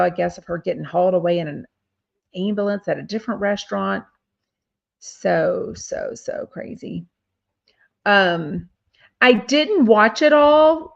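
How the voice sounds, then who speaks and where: Woman host, casual gossipy chat, filler-heavy, mid-pitched, lo-fi mic. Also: gravelly. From Texas. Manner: chatty, reads viewer comments aloud, many fillers. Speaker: podcast host. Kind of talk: casual chat reading live comments.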